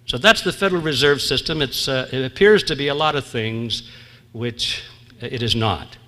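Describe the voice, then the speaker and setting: A man's voice: medium pitch, normal speed, a bit bright. A man giving a humorous lecture, wry, chuckling at his own jokes and drawing out his punchlines. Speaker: conference speaker. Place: large historic theatre. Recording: long reverb in theatre hall.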